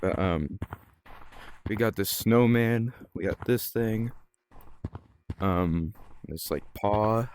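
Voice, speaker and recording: A man's voice: fairly low pitch, slow, pauses often, a little mellow, slight background noise. A man hosting his own gaming channel, chatting casually as he plays, rambling and filling his talk with ums, restarts and trailing-off phrases. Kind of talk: casual gameplay commentary.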